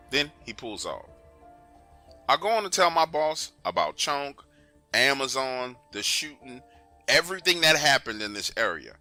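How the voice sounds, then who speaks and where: A man's voice: mid-range voice, big pitch swings, unhurried, bright, forceful tone, faint music behind. A man narrating a true story in an emphatic, conversational way, often urging the listener to pay attention.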